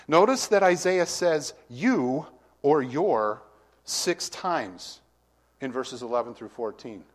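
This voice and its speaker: During a verse-by-verse sermon, a man talks casually with the congregation, asks them questions, and reads scripture with rising emphasis. His voice is fairly high-pitched, expressive, and unhurried.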